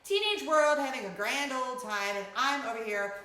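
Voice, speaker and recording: A woman in her forties hosting a casual vlog, telling a story in an animated, dramatic way and laughing often. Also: high-pitched, normal speed. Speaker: vlogger host. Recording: very echoey room.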